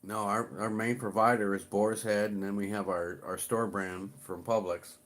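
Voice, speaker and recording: A man's voice: fairly low pitch, flat delivery, moderate pace, fairly bright tone. A middle-aged man chatting casually on his livestream, rambling and swearing a little as he greets viewers. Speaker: livestream host.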